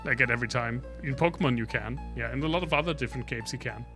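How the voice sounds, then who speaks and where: A man's voice: mid-range voice, fast, over music. A man streaming a video game, talking casually and thinking aloud, often trailing off and restarting his sentences. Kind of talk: live-stream gameplay commentary.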